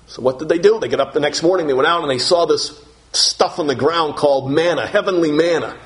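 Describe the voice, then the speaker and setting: Pastor guy preaching, kinda high voice, gets loud on the big words and asks the crowd stuff. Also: brisk. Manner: emphatic, piling up synonyms, rising to shouts on key words; asks the congregation questions. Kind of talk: sermon.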